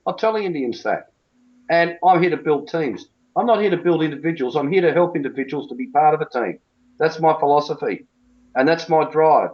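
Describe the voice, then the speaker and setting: A man's voice: fairly high pitch, expressive, a little fast, lo-fi sound. A man who coaches cricket, talking bluntly and emphatically in a colloquial interview.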